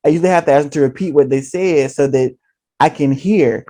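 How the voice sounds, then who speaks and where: A man in a casual chat, speaking in a measured, deliberate way as he explains. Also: fairly high pitch, warm tone.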